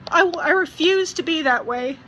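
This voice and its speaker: A woman speaking earnestly and emotionally in a personal video message, often halting and restarting. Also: high-pitched, a bit bright, a little hiss or hum. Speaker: vlogger.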